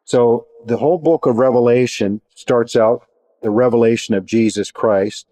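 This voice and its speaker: A man teaching a Bible study in a measured, reflective way, pausing and restarting as he explains. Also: medium pitch, fairly even intonation, warm tone, no room sound.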